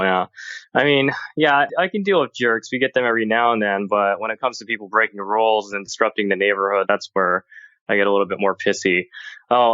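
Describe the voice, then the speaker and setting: Man, guest, lowish voice, forceful and bright, dry close sound, dull lo-fi audio, animated storyteller. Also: no echo. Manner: animated, acts out quoted exchanges. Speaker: guest, tech journalist. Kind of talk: casual storytelling in conversation.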